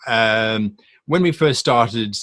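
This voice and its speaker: Man, mid-pitched, thoughtful rambling guest, dry studio sound. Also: drawn-out words, fairly bright tone, no room sound. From South Africa. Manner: thoughtful, rambling with many restarts. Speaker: guest, game master YouTuber. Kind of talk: casual interview chat.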